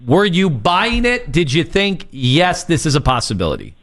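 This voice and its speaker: A man co-hosting a sports radio show, playful and pitching ideas in quick bursts. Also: wildly swooping pitch, a bit bright.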